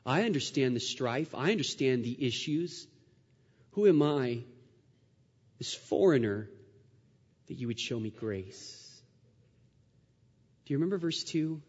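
Earnest preacher in a reverberant hall. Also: male voice, mid-range voice, lively intonation, measured pace, pauses often, slightly rough. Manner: earnest, repeats phrases and builds to loud emphatic rises. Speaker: pastor. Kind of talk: sermon. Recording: dull sound with long hall reverb.

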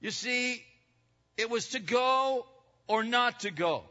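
An older male pastor delivers an emphatic sermon, his high, bright voice rising to loud declarations and falling to hushed asides. The recording is dull and lo-fi, with a long reverb trailing through a large church hall. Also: animated, takes it slowly.

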